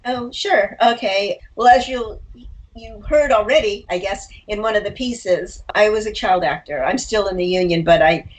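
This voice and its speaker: A woman's voice: mid-range voice, normal speed, slight background noise, rough recording. An older woman from Los Angeles, an author and guest, chatting casually and laughing often, with a frog in her throat. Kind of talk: casual interview chat.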